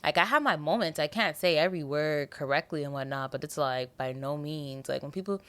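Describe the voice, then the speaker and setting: A woman's voice: low-pitched, brisk, few pauses, a bit bright. A young woman hosting her own podcast, chatting casually and animatedly with lots of asides and fillers. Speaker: podcast host. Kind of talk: casual solo podcast chat.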